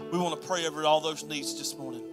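A male pastor preaching a sermon, moving between hushed, soft passages and loud, emphatic lines with repeated rhythmic phrases. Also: on the high side, fairly even intonation, quick pace, loud music behind the voice.

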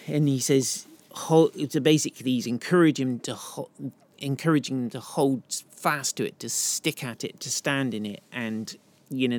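A middle-aged man, giving an earnest, chatty Bible talk while walking outdoors. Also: medium pitch. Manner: warm, earnest, chatty with asides. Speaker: podcast host and Bible teacher.

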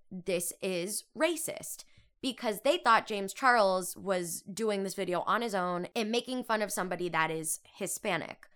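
A young adult woman hosting her own show, talking through a story in a casual, animated way with quick exclamations and asides. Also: mid-range voice. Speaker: podcast host. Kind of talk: casual chatty monologue.

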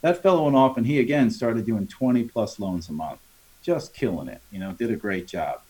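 A man with a mid-range, darkish voice, animated and fairly quick with a breathy edge, is interviewed on a conversational podcast about training contractors in sales. Using a coaching tone, he acts out customer dialogues and frequently adds "right?".

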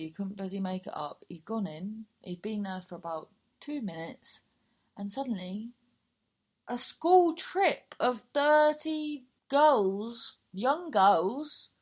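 A young woman telling a rambling, sweary personal anecdote in a casual chat, breaking into laughter and digressions. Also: fairly high pitch.

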